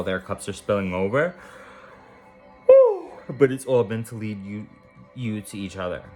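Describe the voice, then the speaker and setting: A man giving a casual tarot reading to camera, rambling and repetitive with warm, affirming lists of praise. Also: low voice. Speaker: tarot reader.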